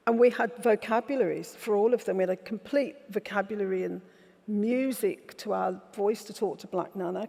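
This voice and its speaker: An author guest on a festival stage tells candid, wry stories in conversation, her mid-range voice darkish with vocal fry. The hall is reverberant.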